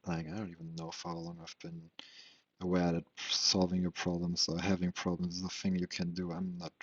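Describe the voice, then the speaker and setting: A young man in an unscripted, rambling monologue, talking haltingly and questioning himself, with frequent restarts and casual swearing. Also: low-pitched, monotone, husky. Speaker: vlogger. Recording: dull lo-fi, dry sound.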